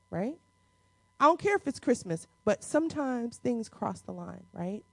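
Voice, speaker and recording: A woman in her forties preaching a sermon, with playful asides and key lines repeated slowly for the congregation. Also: expressive, gravelly, no room sound. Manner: playful asides with quick dips into a low, quiet voice. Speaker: pastor.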